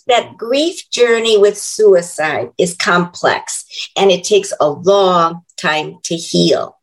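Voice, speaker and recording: An older woman, an author, speaks as an interview guest in a reflective, measured and earnest way. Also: mid-range voice, poor audio. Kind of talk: conversational interview.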